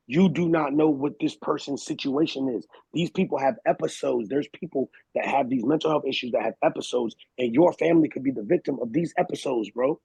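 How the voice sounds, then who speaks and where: A man with a gravelly, slightly husky voice hosts a relaxed talk show, speaking in slang with lively storytelling. The sound is dry and close. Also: mid-range voice, a little fast, few pauses, no echo, poor audio. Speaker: podcast host. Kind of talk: casual chat.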